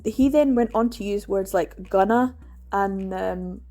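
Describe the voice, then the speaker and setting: A woman's voice: mid-range voice, measured pace, warm tone. A Scottish woman chatting casually and enthusiastically about books she read, laughing often. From Scotland. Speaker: book vlogger. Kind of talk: casual book wrap-up chat.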